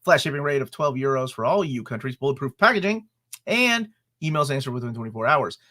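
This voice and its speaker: A man in his forties co-hosting a live comics chat show, enthusiastic and relaxed, reading sponsor spots and answering viewers. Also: mid-range voice, fast. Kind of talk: casual live-stream chat.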